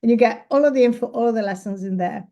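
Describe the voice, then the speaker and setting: A woman's voice: fairly high pitch, fast, mellow. Chatty woman photographer presenting. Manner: chatty, enthusiastic, laughs easily. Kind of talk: casual presentation and Q&A. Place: event space.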